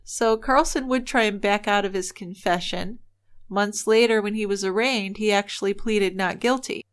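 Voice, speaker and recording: Woman, true-crime podcast co-host, mid-pitched voice, earnest, opinionated. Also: moderate pace, clear, resonant tone. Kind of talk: casual true-crime storytelling.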